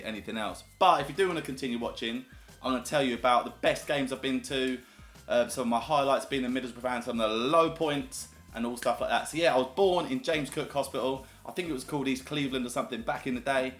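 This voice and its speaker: A man's voice: medium pitch, quick pace, a bit bright. A man with a southern English accent chatting casually to camera, upbeat and storytelling. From southern England. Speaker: YouTuber. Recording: echoey room with faint music.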